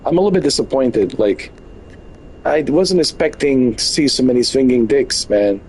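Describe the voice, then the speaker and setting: A man streams a flight game from his bedroom, chatting casually at a middling pitch. He jokes constantly, grumbling in overblown mock complaint. A faint hiss sits behind him. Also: lively intonation, normal speed, a little mellow, rough recording. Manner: joking, exaggerated mock complaints with laughs. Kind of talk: casual live gameplay commentary. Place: bedroom at home.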